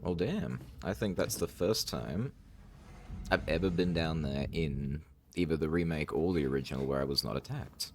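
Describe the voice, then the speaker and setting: A man's voice: very deep voice, moderate pace, slight background noise. A man streaming a horror game live, chatting casually with wry asides and reactions.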